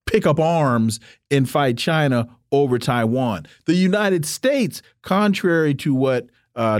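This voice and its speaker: A man's voice: dry recording, studio quality. A man co-hosting a political talk radio show, arguing emphatically with rhetorical questions. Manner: emphatic, rhetorical questions, rising pitch when pressing points.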